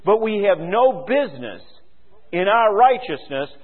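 A man's voice: high-pitched, big pitch swings, unhurried. A man preaching a sermon as a pastor, firing rhetorical questions at his listeners and quoting scripture aloud. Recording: tinny phone-like sound with long hall reverb.

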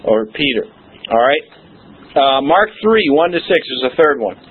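A man's voice: on the high side, big pitch swings, measured pace, breathy edge. Man teaching scripture, tinny sound. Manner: checks in with listeners often. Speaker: Bible study teacher. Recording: tinny phone-like, faint noise.

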